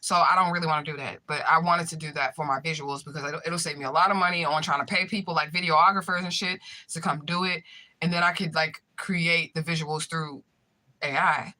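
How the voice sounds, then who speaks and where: A woman and spiritual reader chatting casually to her viewers, telling stories in an animated, profane way full of fillers. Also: deep voice, brisk. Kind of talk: casual live chat to viewers.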